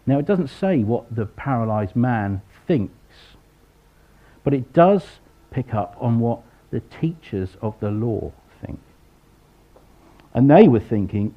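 A man delivers a sermon at an unhurried pace, his voice rising and falling a lot as he acts out the people in the story. The recording sounds dull and lo-fi. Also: mid-range voice, sing-song. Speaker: preacher.

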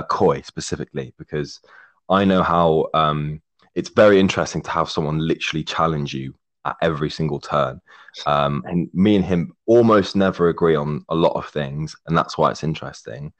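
A young man in his twenties, a podcast guest in a casual chat, rambling warmly and swearing heavily, calling his friend mate. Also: very deep voice, moderate pace, lo-fi sound. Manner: effusive, rambling, heavy swearing, says mate a lot. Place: remote call, living in Germany.

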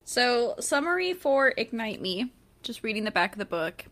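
Young woman cohost, high-ish bright voice, chatty and blunt, giggles a lot. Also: sing-song, normal speed. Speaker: podcast co-host. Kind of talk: casual chat.

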